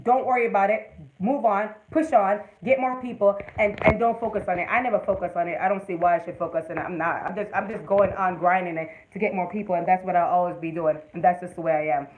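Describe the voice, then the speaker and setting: A woman's voice: on the low side, fairly even intonation, fast, phone-quality sound, noisy background. A woman hosting a casual livestream, giving motivational advice and greeting viewers by name. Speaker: livestream host.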